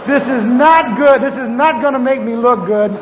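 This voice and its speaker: A preacher telling a personal testimony in a sermon, animated and chuckling, repeating his words for effect. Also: very high voice, moderate pace, crowd noise, background noise. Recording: dull lo-fi audio with long hall reverb.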